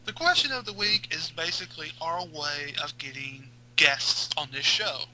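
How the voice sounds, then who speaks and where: Bright-voiced joking podcast guy. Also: on the high side, rough recording. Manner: joking, rambling, rushes through asides. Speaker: podcast co-host. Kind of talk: casual podcast chat.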